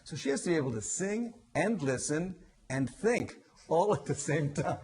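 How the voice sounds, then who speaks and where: A man's voice: on the high side, expressive, normal speed, a little mellow. A man teaching musical improvisation, patiently explaining and demonstrating by singing syllables.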